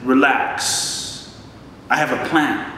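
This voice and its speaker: A man voicing a calm, wise old village elder who speaks unhurried and low in a live talk. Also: very echoey, big-room sound, slight background noise, low-quality recording.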